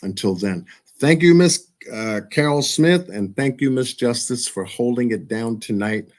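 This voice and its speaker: A man hosting his live stream, signing off in a relaxed, chatty way and laughing often. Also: medium pitch, measured pace. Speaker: host of a live show. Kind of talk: casual live-stream sign-off.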